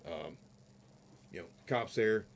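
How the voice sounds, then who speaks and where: A man's voice: deep voice, animated, slow pace, creaky, a little hiss or hum. A man ranting in a vlog, telling a story in a rambling, profane and heated way, often asking "you know what I mean". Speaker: vlogger.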